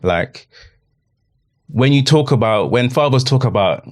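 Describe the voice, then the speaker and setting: A middle-aged man telling a personal story in an earnest, halting way, often repeating himself. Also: medium pitch, lively intonation, darkish tone. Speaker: podcast guest.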